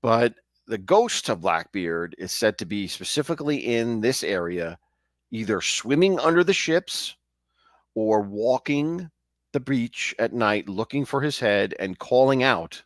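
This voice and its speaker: Low-voiced male host, lively up-and-down delivery, chatty folklore storyteller, dry close sound. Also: unhurried, no echo. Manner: conversational, chatty, with frequent restarts and asides. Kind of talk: casual ghost-story telling.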